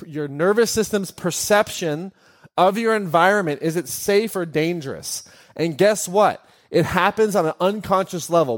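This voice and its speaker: Man teaching a live crowd, high voice, swings all over, keeps asking the room stuff. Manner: animated, keeps quizzing the audience. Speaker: workshop speaker.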